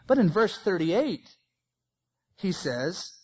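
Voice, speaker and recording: High-voiced preacher man, lo-fi. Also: lively intonation, moderate pace. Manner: emphatic preaching with sharp swings between loud and soft. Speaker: pastor. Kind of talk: sermon.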